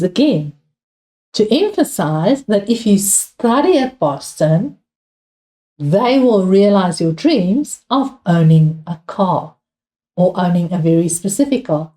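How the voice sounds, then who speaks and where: A woman's voice: medium pitch, very animated, slow, long pauses, dark tone. A woman with a South African accent teaching an English exam revision lesson, patient and repeating key points while asking her students questions.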